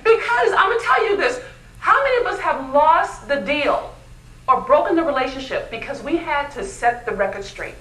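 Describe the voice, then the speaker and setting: A woman speaker gives an animated motivational talk at a luncheon, her voice high and sharp. She keeps turning to the audience with questions. The sound is roomy and picked up from far off, with a faint hiss underneath. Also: moderate pace. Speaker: keynote speaker. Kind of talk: motivational speech. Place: luncheon event hall. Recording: echoey hall, mic from far off.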